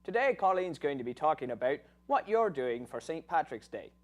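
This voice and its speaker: A man's voice: fairly high pitch, big pitch swings, fairly quick. Young man hosting in a mock Irish accent. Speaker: show host. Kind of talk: scripted show intro in a put-on Irish accent.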